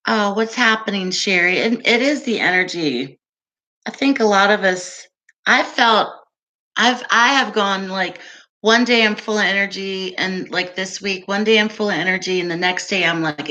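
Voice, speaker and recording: A woman's voice: mid-range voice, pushed and bright. A woman hosting a casual livestream, chatting with viewers, laughing often and answering their comments. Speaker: livestream host.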